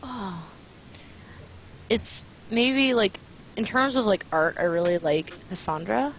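A woman's voice: medium pitch, animated, slow pace, slight background noise, poor audio. A woman interviewing game developers in a casual chat, giggling often and filling with likes and ums. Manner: giggly, chatty, many fillers.

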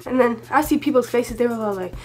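A woman's voice: a little high, fast, faint music behind. A teenage girl telling a storytime vlog in a chatty, rambling way, full of asides and fillers. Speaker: vlogger.

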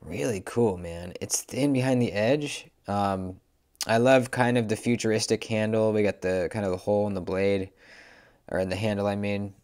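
A young man casually reviewing pocket knives, relaxed and chatty, with lots of fillers. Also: lowish voice, moderate pace. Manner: laid-back, lots of "um" and "man". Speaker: knife reviewer.

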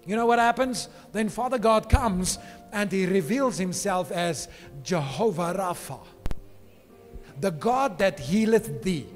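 Pastor guy preaching, pretty high voice, keeps asking okay?, church echo. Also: expressive, measured pace. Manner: emphatic preaching, often checking in with "okay?". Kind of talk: sermon. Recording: reverberant church hall with faint music.

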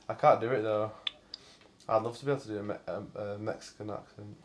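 A man's voice: lowish voice, fairly even intonation, fast talker, a little hiss or hum. A man hosting a gameplay video, chatting casually and swearing in exasperated banter with a friend while playing. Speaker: gaming channel host.

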